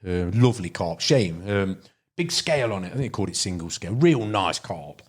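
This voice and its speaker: This man from Derbyshire, England, is a carp angler chatting casually as a podcast guest, spinning long fishing stories full of restarts and fillers. He talks fast in a low, slightly rough voice with lively intonation.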